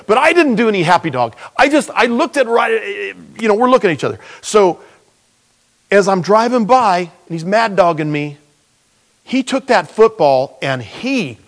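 A middle-aged pastor preaches a sermon in a conversational, storytelling style, laughing now and then. When he voices prayers, he goes soft and low.

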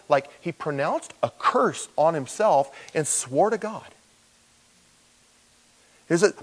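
A middle-aged man preaching a sermon to his congregation, acting out the characters as he tells the story. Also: high-pitched. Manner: animated, acts out the voices of the characters in the story. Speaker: pastor.

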